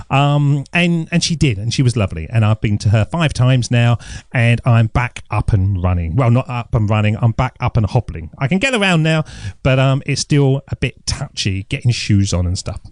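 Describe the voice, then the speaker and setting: Middle-aged bloke rambling on his podcast, jokey, mid-pitched voice, dry close sound. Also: animated, moderate pace, no echo. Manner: rambling, jokey storytelling with restarts. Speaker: podcast host. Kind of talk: casual solo podcast monologue.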